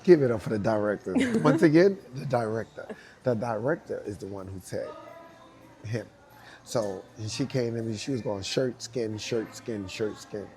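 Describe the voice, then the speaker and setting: A man's voice: on the low side, moderate pace, crowd noise. Man telling a wild dance story. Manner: lively, laughing, profane anecdote telling with acted quotes. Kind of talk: animated storytelling.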